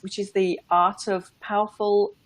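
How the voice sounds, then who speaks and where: A woman's voice: medium pitch, flat delivery, unhurried. A middle-aged woman with an English accent, chatting casually as a guest about her work as a mindset coach, with a lot of ums and easy laughs. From England. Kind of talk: casual chat on a live stream.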